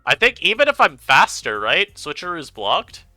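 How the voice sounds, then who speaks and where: A man giving chatty, animated commentary over his own gameplay as a streamer, laughing often. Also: fairly high pitch, moderate pace, no room sound, faint music behind. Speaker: online game streamer.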